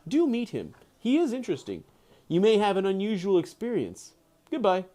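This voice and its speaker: A chatty young man with an eager, jovial push to every line, pitched noticeably higher than the reader's own voice, as a man reading a book aloud puts him on. His tone stays mellow and his voice rises and falls brightly. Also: huge pitch swings, normal speed.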